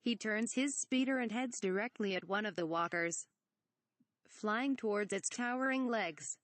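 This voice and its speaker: A woman's voice: mid-range voice, unhurried, no echo. A woman reading a parody script aloud, stage directions and speaker names included. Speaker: reader.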